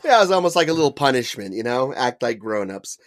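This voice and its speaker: A man's voice: mid-range voice, big pitch swings, quick pace. A young man co-hosting a podcast, telling a long profane story in a rambling way full of "like" and "uh.". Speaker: podcast co-host. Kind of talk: casual storytelling chat.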